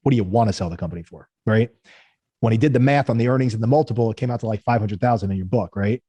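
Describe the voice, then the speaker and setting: A man's voice: lowish voice, racing, dark tone, slightly rough, dry recording. A man, a company founder, tells stories in a casual interview, acting out the people he quotes in raised voices.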